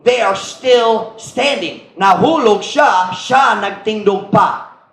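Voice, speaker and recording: High-voiced pastor preaching in an echoey church. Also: male voice, takes it slowly, creaky. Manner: switches between English and Cebuano, animated with stage demonstrations. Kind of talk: sermon. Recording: echoey church room with faint ambience.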